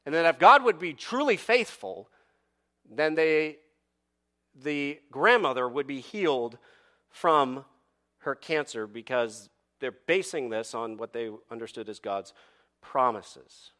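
A man preaching a sermon with dramatic pauses and rhetorical questions, reading scripture and telling a story to his congregation. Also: mid-range voice, expressive, sharp tone. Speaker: pastor.

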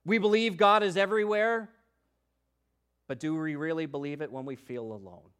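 A man's voice: fairly high pitch, moderate pace, clean tone. Man preaching with big swings in intensity. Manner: preaching with wide swings from hushed to emphatic; acts out the voices of doubters in scripture. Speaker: pastor. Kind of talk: sermon.

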